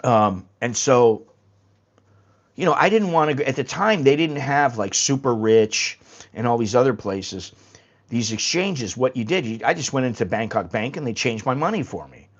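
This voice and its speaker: A man's voice: medium pitch, animated, normal speed, highs cut off. A man hosting a casual livestream, telling rambling, blunt stories and swearing freely. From United States. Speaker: livestream host.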